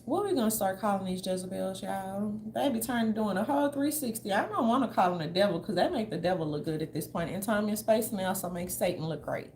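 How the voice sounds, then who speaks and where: A woman's voice: medium pitch, expressive, fast talker, hardly any pauses, darkish tone, a little hiss or hum. A woman from the southern United States doing casual livestream commentary, loose, chatty, blunt and profane as she talks straight to her viewers.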